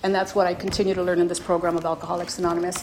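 A middle-aged woman giving a personal testimony as a speaker at a recovery meeting. She tells her story in a lively way and acts out her own reactions when she quotes herself. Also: fairly low pitch, very fast, heavy background noise.

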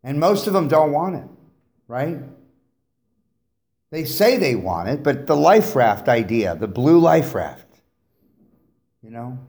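A man's voice: mid-range voice, slow pace, long pauses. A middle-aged man giving a personal testimony to a recovery meeting, telling stories with humor and animation. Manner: animated storytelling, jokes with the audience. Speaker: guest speaker at a recovery meeting. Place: meeting room with a live audience.

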